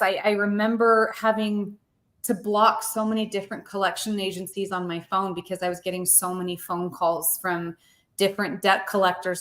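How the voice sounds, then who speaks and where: A woman's voice: medium pitch, a bit bright. A woman in her thirties, a podcast guest, telling a personal story earnestly and emotionally, close to tears and repeating words as she goes. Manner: earnest, heartfelt, with frequent word repeats.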